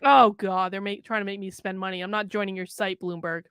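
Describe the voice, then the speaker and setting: A woman's voice: mid-range voice, fairly even intonation, brisk, fairly bright tone, clean tone, no room sound, studio quality. A woman hosting a news commentary show, reading an article aloud and mocking it sarcastically.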